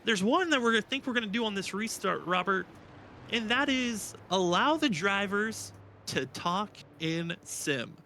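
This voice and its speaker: A man hosting a live sim racing charity broadcast, quick and upbeat, reading names and updates. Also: high-pitched, animated, pushed and bright, slight background noise. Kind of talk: live race commentary.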